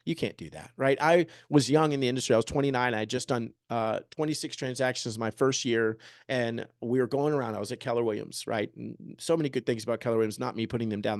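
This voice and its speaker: A man's voice: mid-range voice, no room sound, clean studio sound. Upbeat man quizzing an audience. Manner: energetic, quizzes the audience with rhetorical questions; joking, upbeat. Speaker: real estate agent giving a talk. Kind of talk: motivational presentation to an audience.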